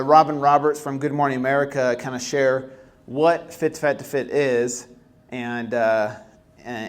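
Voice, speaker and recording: A young man speaking to a workshop audience. His delivery is casual and loose, full of fillers and restarts. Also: mid-range voice. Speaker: presenter at a healthy living workshop. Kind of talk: live presentation talk. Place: workshop room.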